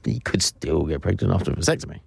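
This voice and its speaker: Playful teasing podcast host. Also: male voice, sits low, lively intonation, fast, gravelly, darkish tone, husky, dry recording, studio quality. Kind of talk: casual chat.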